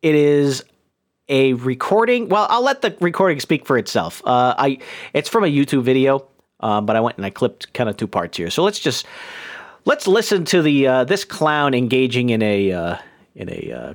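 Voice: medium pitch, lively intonation, normal speed. A podcast host in casual chat, rambling with lots of hesitations and frequent giggles.

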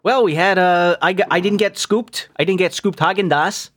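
A man's voice: high-pitched, brisk, a bit bright. A man hosting a podcast in casual, rambling chat, joking and laughing often. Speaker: podcast host.

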